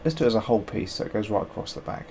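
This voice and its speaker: Racing along in a fairly low, expressive, dark-toned voice, a sculptor livestreams his work against slight background noise. He rambles, thinks aloud, jokes at himself, and greets his viewers while working.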